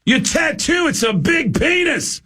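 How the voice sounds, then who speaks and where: A man putting on a friendly, blunt male rock singer who shouts in a high, strained voice. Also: big pitch swings, a little slow, exaggerated voice. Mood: shouting amazed.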